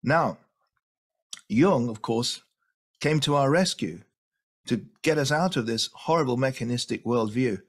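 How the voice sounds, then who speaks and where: A man's voice: medium pitch, animated, unhurried, long pauses. A man lecturing eagerly, repeating words for emphasis as he walks through his slides. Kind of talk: illustrated lecture.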